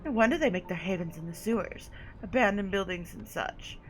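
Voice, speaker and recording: A woman's voice: medium pitch, animated, fairly quick, soft background music, natural voice, rough recording. A woman voicing a haughty vampire sire. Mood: condescending. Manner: condescending, drawling endearments. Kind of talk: reading game dialogue aloud.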